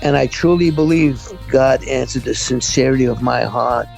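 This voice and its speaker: A middle-aged man from Brooklyn, telling his life story as a guest in a halting way with many fillers. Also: mid-range voice, creaky, a little mellow, faint music behind. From Brooklyn, New York. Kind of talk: personal testimony in an interview.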